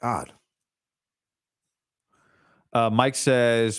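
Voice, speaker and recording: A male sports-talk host who sits at an ordinary middle pitch and gives blunt, opinionated takes on listener comments. He slips sarcastic asides into his answers. The recording is close and dry, with no room around it. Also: moderate pace, dry recording.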